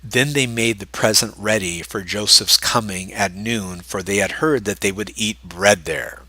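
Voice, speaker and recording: Forceful man leading a Bible study. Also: lowish voice, unhurried, no echo. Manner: animated asides, chuckles while explaining. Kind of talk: reading scripture with casual commentary.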